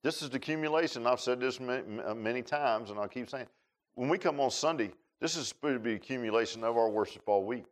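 Preacher guy in church, folksy and animated, jokes around with the folks in the pews, mid voice. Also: mid-range voice, fast. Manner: folksy, animated, laughing, talks to congregation by name. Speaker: pastor. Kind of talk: sermon. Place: church sanctuary.

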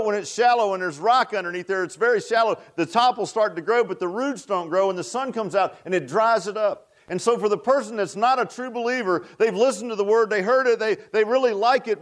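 A man preaching a sermon in a folksy, repetitive way, often tossing out rhetorical "huh?" asides to the congregation. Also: high voice. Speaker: pastor.

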